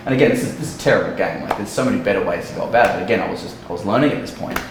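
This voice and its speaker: A man's voice: on the low side, expressive, rapid-fire, gravelly, hardly any pauses, noisy background. A young man, a dating coach, telling a story casually in a blunt, profane way. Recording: echoey room.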